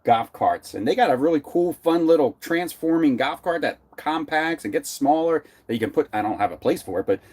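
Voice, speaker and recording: A man's voice: on the high side, animated, fairly quick, hardly any pauses, a little mellow. A man with a Philadelphia accent co-hosting a casual RV chat, rambling and laughing often. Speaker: RV vlogger co-host.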